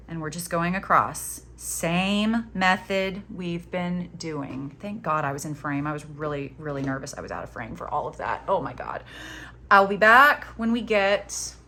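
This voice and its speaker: Woman, crochet tutorial host, casual, bright voice, playful, chatty, animated. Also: a little hiss or hum. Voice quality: chatty, playful, self-mocking. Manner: animated, jumps in pitch when excited.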